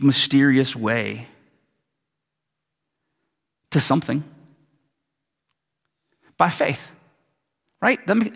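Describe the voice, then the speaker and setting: Husky preacher in a reverberant hall. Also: male voice, mid-range voice. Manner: animated, conversational preaching with asides. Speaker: pastor. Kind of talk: sermon. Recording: long reverb of a large hall.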